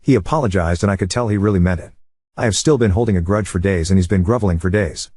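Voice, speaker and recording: A man narrating an online post as scripted narration, with a brisk, even reading. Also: low-pitched, husky, no echo, clean studio sound. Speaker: story narrator.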